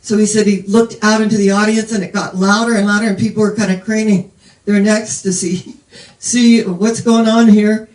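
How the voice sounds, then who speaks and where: A woman's voice: medium pitch, little pitch movement, normal speed, a little mellow. Woman in her 70s preaching, rambly storyteller, sounds far off in an echoey room. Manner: meandering storytelling. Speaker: minister. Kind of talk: sermon.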